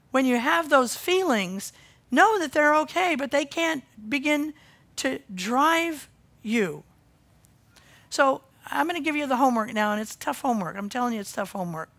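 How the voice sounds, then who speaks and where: A woman pastor preaching a sermon, swinging from loud emphasis to quiet intensity. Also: sits high, animated, a little slow, pauses often.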